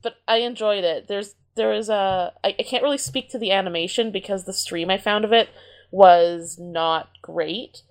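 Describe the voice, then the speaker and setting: A woman co-hosting a casual podcast. Her talk is relaxed and unpolished, with frequent laughter and the odd mild swear. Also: mid-range voice, normal speed, clean tone. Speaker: podcast co-host. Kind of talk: casual chat.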